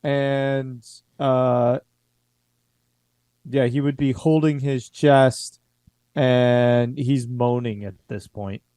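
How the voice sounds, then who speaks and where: Measured man narrating as game master. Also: medium pitch, steady tone, mellow, clean tone, no room sound. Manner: measured, descriptive.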